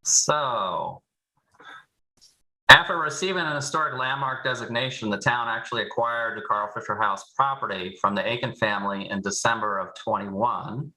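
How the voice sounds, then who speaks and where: A man joining by remote call, presenting a plan at a town board meeting in a clear, orderly way from prepared notes. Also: mid-range voice, normal speed, pushed and bright, low-quality recording.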